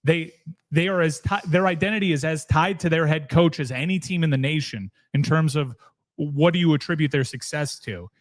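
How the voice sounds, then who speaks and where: A man talking college football on a live podcast, his voice sitting on the higher side. He argues hard and pushes his case with conviction, circling back to press each point. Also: moderate pace. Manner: passionate, argumentative. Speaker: podcast co-host. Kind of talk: animated sports talk.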